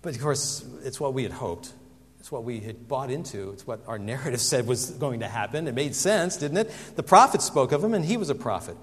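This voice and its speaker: A man preaching a sermon, animated and dramatic, acting out the voices he quotes. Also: mid-range voice, brisk, long reverb tail. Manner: animated, acts out quoted voices with big swings. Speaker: pastor.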